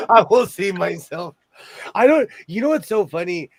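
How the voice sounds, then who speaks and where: A man's voice: high voice, lively intonation, measured pace, no room sound. A man hosting a casual sewing chat, jokey and chatty, laughing often. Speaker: host of a sewing chat show.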